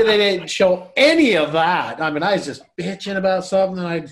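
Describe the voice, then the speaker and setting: A man's voice: high-pitched, lively intonation, fairly quick, few pauses, crowd noise. Middle-aged male guest, loose casual storyteller, chuckles and cusses freely. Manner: rambling, laughing, swears freely. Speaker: guest on a podcast.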